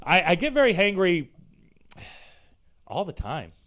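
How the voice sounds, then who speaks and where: High-voiced man ranting with profanity. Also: unhurried. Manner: animated, profane, exasperated ranting; sarcastic, slangy. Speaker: podcast host. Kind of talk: casual ranting monologue.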